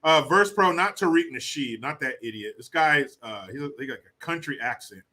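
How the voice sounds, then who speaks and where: A man's voice: medium pitch, animated, normal speed, sharp tone. A man hosting a live political commentary show, ranting heatedly and swearing freely. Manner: reads viewer comments aloud.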